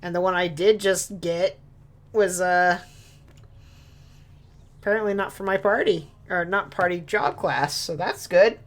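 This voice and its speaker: A woman's voice: fairly low pitch, unhurried, pauses often. A woman streaming a video game from home, chatting and joking with viewers and her dog, laughing often. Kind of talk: casual gaming stream chat. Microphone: desk mic with webcam.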